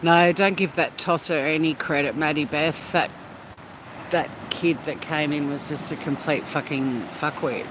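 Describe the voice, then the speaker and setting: A man's voice: on the high side, unhurried. An Australian man hosting a casual live stream at the beach, talking to his chat in a blunt, chatty way that is full of swearing. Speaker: livestream host reading chat. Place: outdoors at a beach. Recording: noisy outdoor street sound.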